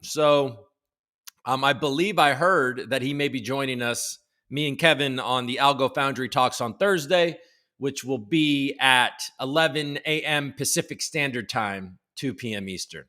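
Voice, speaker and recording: A man's voice: mid-range voice, a little slow, bright, forceful tone. A man hosting a casual live-streamed crypto news show, rambling and jokey, often restarting his sentences and swearing now and then. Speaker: host of a daily crypto news livestream. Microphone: desk microphone.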